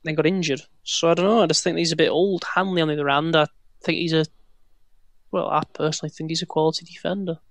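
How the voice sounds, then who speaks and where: A man on a football podcast panel, rambling and relaxed, often repeating himself. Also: on the high side, fast talker, vocal fry, no room sound. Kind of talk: casual football podcast chat.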